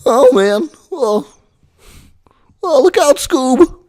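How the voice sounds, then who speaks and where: A man voicing a lanky, jittery, laid-back young male slacker in a cracking falsetto drawl. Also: animated, extremely slow, darkish tone, exaggerated voice.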